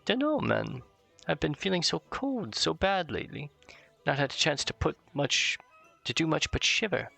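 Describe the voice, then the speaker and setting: A man's voice: on the high side, very animated, moderate pace, gravelly, pushed and bright, soft background music, pitched above the performer's own voice, heavily acted. A man doing a shivering old creature. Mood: mournful.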